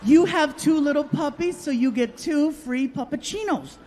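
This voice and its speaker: Comedian plays chirpy young woman barista, squeaky high, syrupy sweet, drawn-out delivery. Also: background noise. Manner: bubbly, singsong, drawn-out. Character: perky young woman barista, sugary and overfriendly.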